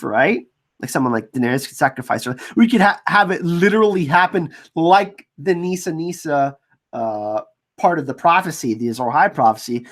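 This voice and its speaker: A man hosting a casual livestream, chatting with viewers and reading out their comments and shout-outs. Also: on the high side. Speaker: livestream host. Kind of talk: casual live-stream chat.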